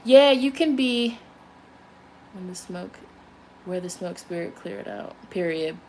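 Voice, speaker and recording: A woman's voice: lowish voice, takes it slowly, slight background noise. A young woman who reads tarot, chatting casually and telling a story with lots of swearing before doing a candle ritual. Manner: chatty, profane, animated storyteller. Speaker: tarot reader.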